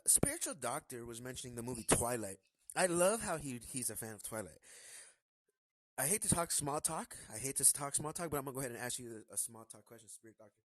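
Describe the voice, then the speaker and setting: A man hosting a live stream, telling a story in a casual, animated way and acting out the characters' lines. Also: medium pitch, no echo, rough recording.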